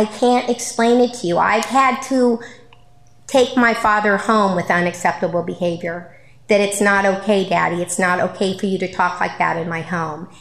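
A woman's voice: medium pitch, reverberant. A middle-aged woman giving a personal recovery share at a support group meeting, candid and conversational, with frequent ums and repeated phrases. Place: meeting room.

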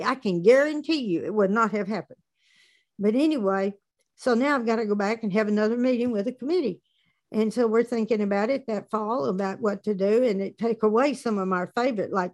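Woman sharing her recovery story at a meeting, plain talk, dry dark humor, middle pitch. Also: a little fast. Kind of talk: personal testimony at a recovery meeting.

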